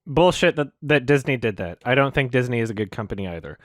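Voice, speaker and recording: Ranting woman with a lively voice. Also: a bass voice, fast talker, faint music behind. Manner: ranting, indignant and sarcastic, repeats questions. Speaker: streamer reacting to a video. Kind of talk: angry reaction commentary.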